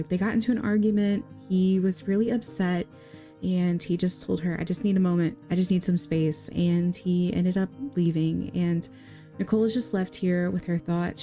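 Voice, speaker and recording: Young woman game creator, chatty and giggly, mellow warm tone, casual commentary. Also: on the low side. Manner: chatty, giggly, addresses viewers. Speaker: gaming video creator.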